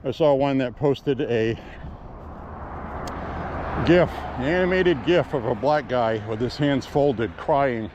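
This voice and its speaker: A man's voice: medium pitch, takes it slowly, pauses often, lo-fi sound, noisy background. A man talking to his phone camera while walking outdoors, speaking bluntly and with emotion, sometimes swearing. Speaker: vlogger. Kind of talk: walking vlog monologue.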